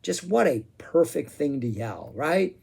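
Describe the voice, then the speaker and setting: A man giving a casual spoken music review, excitable and rambling, with frequent "um"s and asides. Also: fairly high pitch, unhurried, vocal fry, slightly rough.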